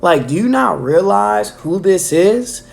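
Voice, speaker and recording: A man's voice: high voice, expressive, unhurried, creaky, slight background noise, voice pushed up, full character voice. A man doing a humble, earnest thief. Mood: incredulous. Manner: earnest, casual slang.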